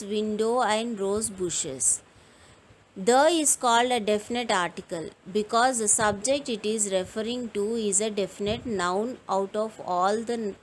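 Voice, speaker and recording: A woman teaching an English grammar lesson, explaining each rule in a slow, deliberate way and reading out example sentences. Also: mid-range voice, a little hiss or hum, rough recording.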